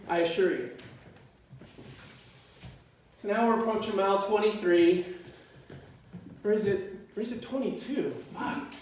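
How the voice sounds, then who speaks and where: A man performing a personal story on stage at a live storytelling show, animated and self-mocking, swearing freely. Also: high voice, normal speed, pauses often. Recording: echoey hall, voice from far off.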